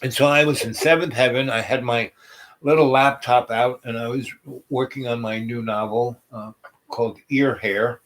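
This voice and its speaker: A man hosting a comedy show, telling a meandering story full of restarts and absurd deadpan asides. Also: medium pitch, moderate pace. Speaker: comedic YouTube host. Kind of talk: rambling comic storytelling monologue.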